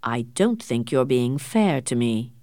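A woman reading the part of a stern, cold older man, a wealthy doctor and father, speaking slowly and coldly. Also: low voice, animated, no echo, clean studio sound. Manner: slow, cold and measured. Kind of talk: audiobook character reading.

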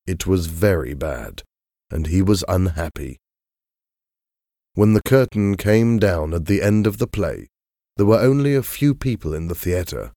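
A man narrating a story in a measured, expressive reading. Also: low voice, no echo, clean studio sound.

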